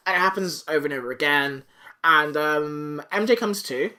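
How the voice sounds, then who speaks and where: A man's voice: on the high side, moderate pace. Man recapping with goofy voices. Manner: animated retelling with silly voices and swearing. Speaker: podcast host. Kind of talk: casual recap chat.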